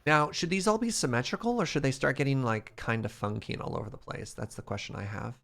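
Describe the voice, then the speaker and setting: A man's voice: mid-range voice, fast talker, gravelly, fairly bright tone. A man casually commenting as he streams a building game, chatty and playful, talking to his chat.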